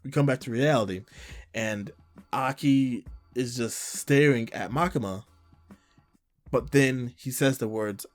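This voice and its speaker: Casual male reviewer, mid-pitch voice, faint music playing under him, recaps scenes loosely. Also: unhurried. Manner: retells scenes with frequent "like" and short quoted lines. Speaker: manga chapter reviewer.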